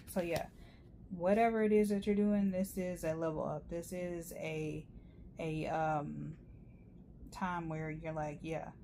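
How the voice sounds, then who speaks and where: A woman's voice: lowish voice, warm tone, a little hiss or hum. A woman giving a rambling, chatty tarot reading, full of fillers and asides. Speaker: tarot reader. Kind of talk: casual tarot reading monologue.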